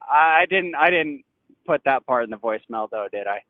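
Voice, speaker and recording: A man's voice: medium pitch, animated, normal speed, dry recording. A man calling in to a podcast on the phone, rambling defensively and trailing off. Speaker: caller. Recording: tinny phone line.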